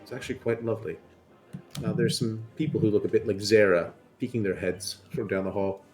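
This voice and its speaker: A man's voice: fairly low pitch, steady tone, brisk, darkish tone, soft background music. A man narrating a tabletop game as game master in a loose, conversational way.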